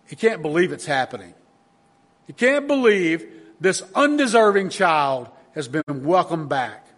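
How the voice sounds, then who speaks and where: A man's voice: fairly high pitch, big pitch swings, a little slow, a bit bright. A man pastor preaching a sermon in an earnest, emphatic manner, often restarting his phrases.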